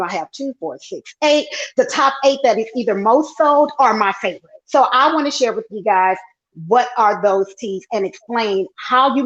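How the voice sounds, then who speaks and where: A woman's voice: fairly bright tone, dull audio. A woman with a Southern Texas accent, enthusiastically presenting her tea products in a chatty live demo over an earpiece. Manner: exuberant, chatty, sales pitch. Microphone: earpiece, livestream.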